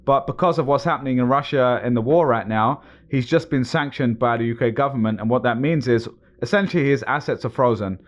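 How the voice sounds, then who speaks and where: A man's voice: mid-range voice, a little fast, few pauses, dull audio. A man co-hosting a podcast, chatting casually and explaining at length in loose sentences, often laughing. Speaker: podcast co-host. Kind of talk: casual chat.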